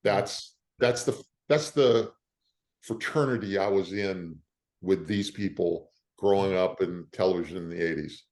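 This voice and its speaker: An older man with a lowish voice tells stories in a relaxed interview. He is animated and often jumps into the voices of the people in his stories. His delivery is casual and conversational. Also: measured pace. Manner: animated storyteller who acts out the quoted lines of others. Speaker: actor, interview guest.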